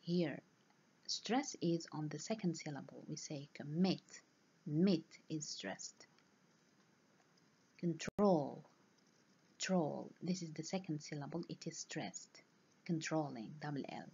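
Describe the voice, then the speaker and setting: A woman lecturer giving a recorded lesson, speaking slowly and deliberately, pausing to repeat each example word. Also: sits low, animated, darkish tone, breathy edge. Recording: dull lo-fi recording.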